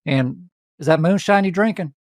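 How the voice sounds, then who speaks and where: Guy doing a hammed-up southern country voice, folksy and teasing, kinda high pitched, dry sound. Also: moderate pace, no room sound, close to an everyday voice. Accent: exaggerated Southern US twang. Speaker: podcast host.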